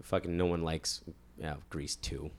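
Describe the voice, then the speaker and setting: A man's voice: rumbling low, level tone, measured pace, clear, resonant tone. A young man in casual chat among friends, telling stories with animation, swearing freely and restarting often.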